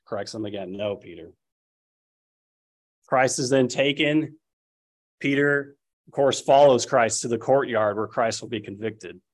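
A man in his thirties preaching a sermon, retelling scripture and family stories, acting out the people he quotes. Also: mid-range voice. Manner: storytelling, quotes figures in raised voices.

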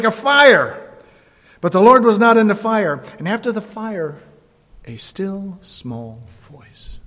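A male preacher giving a sermon, swinging between loud emphatic lines and hushed, slow ones. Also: high voice, long reverb tail.

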